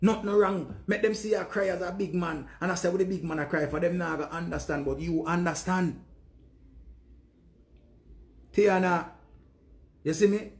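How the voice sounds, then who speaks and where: A man's voice: high-pitched, normal speed, pauses often. A man with a Jamaican accent giving an earnest, preachy monologue in Patois to his viewers. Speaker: live streamer.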